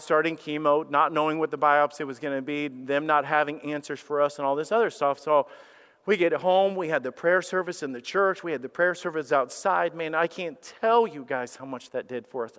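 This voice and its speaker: A middle-aged man preaching a sermon, telling a personal story with animated restarts and acted-out quotes. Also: a little high, clean tone. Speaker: pastor. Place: church sanctuary. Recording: reverberant church hall.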